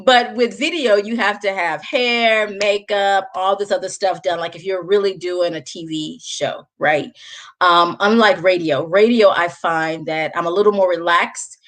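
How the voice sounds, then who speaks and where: A woman's voice: mid-range voice, animated, slow, fairly bright tone. A woman with a Southern US accent hosting a casual live chat, talking straight to her viewers and laughing often. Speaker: livestream host.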